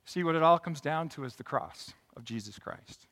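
A male pastor delivers a sermon in a sanctuary with a long, ringing reverb. His voice is bright and sits a bit high. He moves between hushed reflection and impassioned, emphatic preaching. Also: lively intonation, moderate pace.

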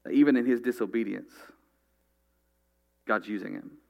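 A man's voice: lowish voice, moderate pace, gravelly, phone-quality sound. A man preaching a sermon, earnestly reading scripture and speaking straight to his congregation. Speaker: pastor.

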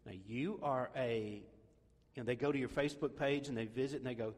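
A man's voice: medium pitch, brisk, a little mellow, in a large hall. A man preaching a sermon as pastor, conversational and self-deprecating, joking with the congregation.

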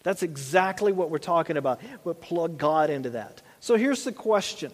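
A man's voice: a little high, animated, normal speed. A man in his thirties preaching a sermon as pastor, in a conversational way with frequent asides and restarts. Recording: long church reverb.

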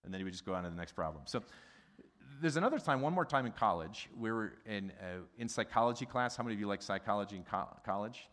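A middle-aged man from the Midwest preaching a sermon in a conversational, animated way, asking the congregation questions. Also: on the low side, quick pace. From American Midwest. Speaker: pastor. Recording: long hall reverb.

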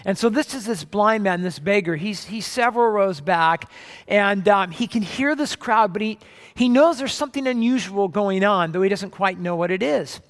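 A man's voice: high voice, moderate pace. A man preaching a sermon as pastor, in a conversational way with frequent restarts, recorded in a church sanctuary. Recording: long hall reverb.

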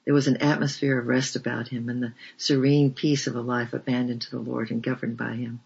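Gravelly, husky man reading a memoir. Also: mid-range voice, level tone, fairly quick. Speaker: audiobook reader. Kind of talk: storybook narration of a memoir. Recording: dull lo-fi recording.

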